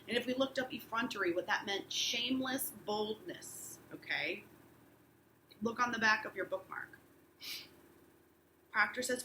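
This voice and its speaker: A woman's voice: fairly high pitch, lively intonation, moderate pace, roomy sound, a little hiss or hum, rough recording. A woman teacher reading a play aloud to her class, taking every part and breaking off to explain words. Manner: reads all the parts, rising and loud for shouted lines.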